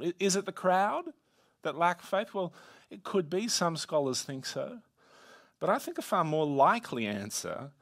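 A man preaching a conversational sermon, teaching a Bible passage with playful asides. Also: mid-range voice.

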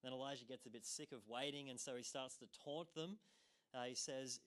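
A man's voice: mid-range voice, brisk. A church pastor delivers a sermon in an easygoing, conversational way. He is a man with a mid-range voice who drops in small fillers. He brings the quoted speech in his story to life. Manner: storytelling with frequent "uh" fillers and lively quoted asides.

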